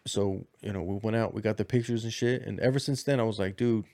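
A man's voice: lowish voice, steady tone, fast, a little mellow. A man chatting casually on a podcast, telling a long story full of slang, swearing and restarts. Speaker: podcast co-host.

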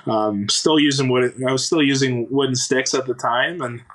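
A man in his thirties from Canada, a former hockey player telling a story in a casual interview, halting with many fillers and restarts and laughing often. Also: mid-range voice, fairly bright tone, rough recording.

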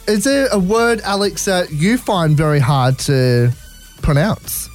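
A man's voice: high-pitched, lively intonation, slow pace. Young aussie guy hosting radio, teasing his co-host, voice bouncing all over, bit of music under it. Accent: Australian. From Australia. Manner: teasing, playful banter. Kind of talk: casual radio chat.

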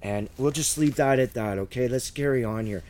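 A man preaches through scripture in an earnest, conversational way at an ordinary pitch. His fervor runs high, and at times emotion chokes his voice. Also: moderate pace, darkish tone. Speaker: Bible teacher. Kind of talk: verse-by-verse Bible study preaching.

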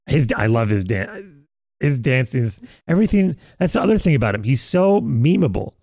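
Laid-back young podcast guy, gravelly voice, pitch all over the place, says dude a lot. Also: big pitch swings, moderate pace, a little mellow, no echo, studio quality. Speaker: podcast co-host. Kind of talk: casual chat.

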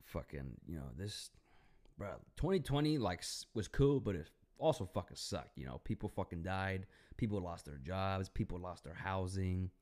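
A young man hosting a podcast, telling stories in profane, animated casual chat. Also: deep voice, moderate pace. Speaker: podcast host.

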